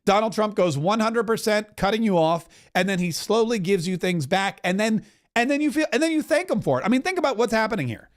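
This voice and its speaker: High-voiced talk host, animated commentary. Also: male voice. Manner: animated, mocking, does quick voices for others. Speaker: political talk show host. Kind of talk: opinionated commentary.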